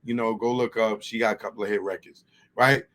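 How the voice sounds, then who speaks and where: A male host giving casual, animated commentary in street slang, brushing off what people say. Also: fairly low pitch, brisk.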